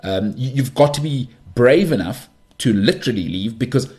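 A man from South Africa hosting a casual monologue, animated and full of banter, often restarting his sentences. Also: mid-range voice, normal speed. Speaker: podcast host.

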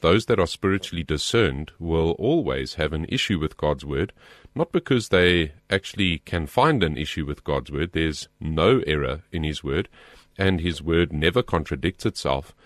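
Deep-voiced man teaching from scripture. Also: lively intonation, no room sound, clean studio sound. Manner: earnest, measured, with small restarts. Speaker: pastor answering a listener's question. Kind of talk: Bible teaching, reading scripture aloud.

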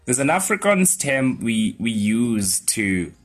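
A man's voice: medium pitch, sing-song, slow. A South African man giving a loose, rambling science lesson, often checking in with his listeners and filling gaps with ums and "right?". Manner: rambling, talks to listeners with many fillers and "right?". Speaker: teacher. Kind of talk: informal lecture.

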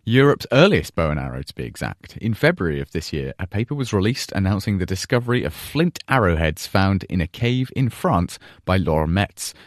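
A man presenting a science podcast, reading a scripted introduction in a measured, upbeat way. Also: lowish voice, no echo, studio quality. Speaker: podcast host. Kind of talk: scripted show narration.

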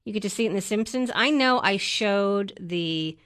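A woman's voice: mid-range voice, moderate pace, a bit bright. A middle-aged woman co-hosting a casual chat, matter-of-fact and a bit insistent, with dry remarks.

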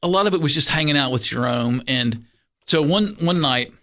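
A middle-aged man with a soft drawl and a bright, forward tone. He talks as a guest pastor in a relaxed interview. He winds through an anecdote with plenty of fillers and false starts. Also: a little high, moderate pace. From Kentucky, USA. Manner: rambling, animated storyteller with many fillers and restarts. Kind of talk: casual storytelling interview.

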